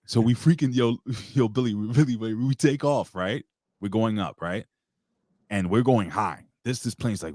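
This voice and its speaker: A man hosting a casual show, telling stories excitably with lots of swearing and giving loud, hype-style introductions. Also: medium pitch, normal speed, dry recording, studio quality. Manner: excitable, profane storytelling with hype announcer intros. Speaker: podcast host. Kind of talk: casual chat.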